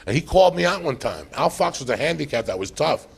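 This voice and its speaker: A man hosting a live podcast, telling rowdy, profane stories in a loud, animated way. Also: on the high side, fast, vocal fry, slightly rough. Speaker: podcast host.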